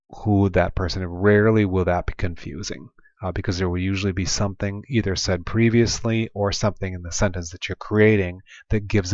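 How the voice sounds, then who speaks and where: A man's voice: low voice, dry recording. A man with an Oklahoma accent teaching a language lesson patiently, with frequent ums and restarts. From Oklahoma, United States. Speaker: Spanish teacher. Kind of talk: classroom lesson over slides. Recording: dull lo-fi voice-over.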